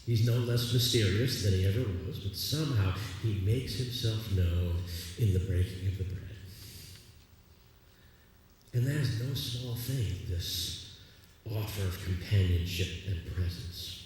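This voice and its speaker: Deep-voiced pastor preaching in an echoey hall. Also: male voice, unhurried, darkish tone. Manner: conversational, confessional storytelling with restarts. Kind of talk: sermon. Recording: echoey hall, distant mic, faint room noise.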